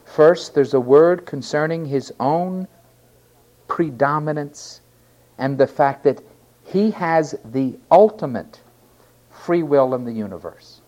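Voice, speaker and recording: A man preaching a sermon, stressing key words loudly and then dropping to quiet asides. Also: fairly high pitch, lively intonation, slow pace, lo-fi sound. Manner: emphatic, swinging between loud stresses and quiet asides.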